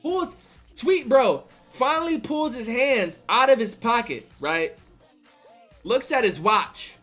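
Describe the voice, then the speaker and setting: A man's voice: extremely high pitch, lively intonation, slow pace, fairly bright tone, faint music behind. A man streaming live, telling a tall tale in hyped slang and asking "right?" after every beat. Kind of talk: animated storytelling on a live stream.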